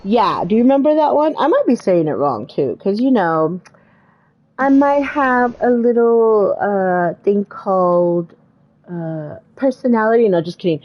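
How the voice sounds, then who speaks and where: A woman's voice: medium pitch, sing-song, a little slow, muffled recording. A woman co-hosting a podcast, chatting casually and retelling movie scenes with exclamations and fillers. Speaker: podcast co-host. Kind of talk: casual chat.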